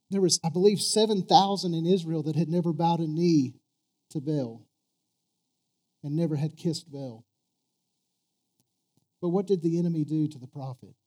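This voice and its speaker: Sitting high in pitch but darkish in tone, a man preaches a sermon and puts questions to his congregation. He stumbles, restarts and repeats words, then builds to emphatic peaks.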